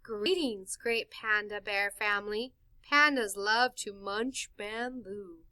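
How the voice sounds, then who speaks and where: A woman reading a picture book aloud to children in an animated, sing-song way, stopping to explain words. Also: mid-range voice, slow, dry recording. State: tickle in her throat. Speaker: storytime reader for children.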